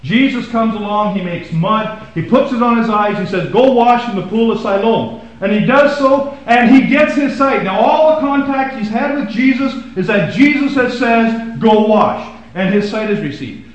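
A male pastor preaching a sermon, swinging from loud emphasis to hushed, quiet asides. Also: very high voice, lively intonation, normal speed, few pauses, very echoey, rough recording.

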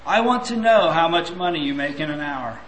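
A man's voice: a little high, lively intonation, normal speed, a bit bright, roomy sound, slight background noise, poor audio. A man voicing a young boy who earnestly and persistently pleads with his father in a sermon story. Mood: pleading.

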